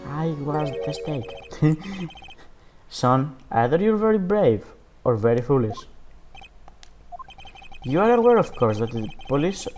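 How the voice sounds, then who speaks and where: A man's voice: fairly high pitch, sing-song, slow, pauses often, darkish tone. A man doing a smug, bellowing police chief over game music. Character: boisterous older male police chief, smug. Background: background game music.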